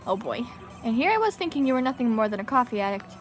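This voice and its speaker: A woman reading the lines of a young male defense attorney from a game, quiet, dry and musing. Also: fairly high pitch, sing-song, quick pace, soft background music. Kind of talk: reading game dialogue aloud.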